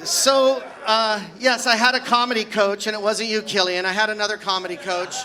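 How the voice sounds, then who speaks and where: A man in his sixties performs a self-deprecating stand-up set at his own birthday party, ribbing friends in the live audience. His voice is high with a flat delivery at normal speed, and the background is noisy.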